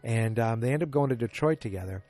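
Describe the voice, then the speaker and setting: A man's voice: medium pitch, lively intonation, fast talker, dark tone, soft background music. A man hosting a podcast who recaps a show episode in a casual, rambling way, correcting himself and loosely acting out what characters said. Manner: rambling, self-correcting, acts out quotes loosely. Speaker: podcast host.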